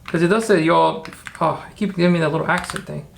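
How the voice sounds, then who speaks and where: A man live-streaming while he works on his computer, rambling and thinking out loud, talking to his chat. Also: on the high side, fast talker, gravelly, a little hiss or hum. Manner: thinking aloud, rambling, self-correcting. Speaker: streamer making AI videos. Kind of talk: live-stream screen-work commentary.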